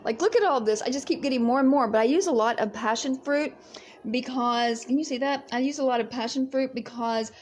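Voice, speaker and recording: A woman's voice: sits high, a little fast, slight background noise. A woman live-streaming a casual chat to her viewers from her home, bubbly and exclamatory, often breaking into giggles. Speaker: livestream vlogger. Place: at home in Fiji.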